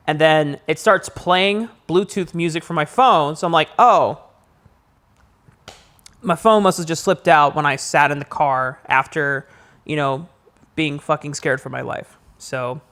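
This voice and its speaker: A young man with a fairly high voice tells a story on a casual podcast. He talks loosely and jumps even higher and louder when he replays his own panic. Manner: animated storyteller, rises high acting out panic. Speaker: podcast co-host.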